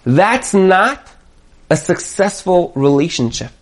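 A man teaching a lively Torah class, repeating his points for emphasis and sprinkling in Hebrew and Yiddish words. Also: high-pitched, slow. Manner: lively, acts out quoted voices, emphatic repetition. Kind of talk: animated Torah class lecture.

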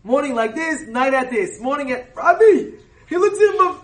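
A man telling a religious story as a sermon, dropping to hushed narration and rising to loud, emotional outbursts. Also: very high voice, lively intonation, brisk. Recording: echoey room, voice from far off.

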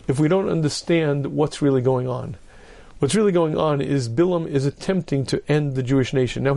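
A man giving a storytelling sermon as a rabbi, narrating vividly and clearing his throat often. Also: fairly high pitch, a little mellow.

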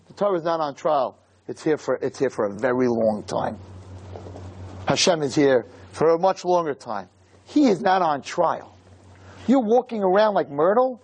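Guy lecturing on torah, husky, pitch all over the place, keeps asking questions. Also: moderate pace. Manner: animated, preachy, rhetorical questions.

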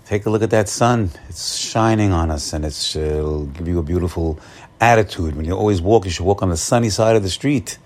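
A man's voice: low voice, a little fast, darkish tone. A man giving an upbeat, encouraging morning Torah talk, often repeating and restarting his phrases. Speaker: Torah teacher.

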